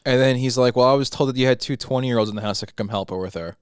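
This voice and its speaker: A man's voice: medium pitch, very fast, clear, resonant tone, no echo, studio quality. A young man co-hosting a podcast, telling a story in casual chat, swearing freely. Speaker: podcast co-host.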